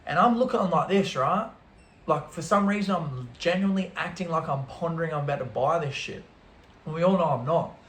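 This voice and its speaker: Animated young man telling a travel story. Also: a little fast. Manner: animated, with sound effects like bang and boom. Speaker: travel vlogger. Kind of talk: casual storytelling to camera. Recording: roomy echo.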